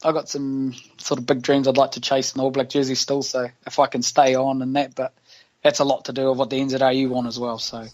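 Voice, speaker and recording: A man's voice: mid-range voice, flat delivery, fast talker, a little mellow, dull audio. A man with a New Zealand accent, a podcast guest telling stories in casual, slangy chat and laughing often. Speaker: guest, professional rugby player.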